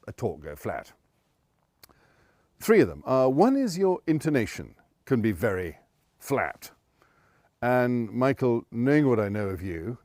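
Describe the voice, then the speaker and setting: A man's voice: lowish voice, no room sound. A man, a presentation coach giving conversational advice straight to camera. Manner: conversational, animated, with quoted asides.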